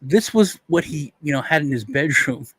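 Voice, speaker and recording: A man's voice: fairly high pitch, expressive, moderate pace, fairly bright tone, slightly rough, no room sound. A male co-host rambling through a casual chat, retelling stories with restarts and quoted voices.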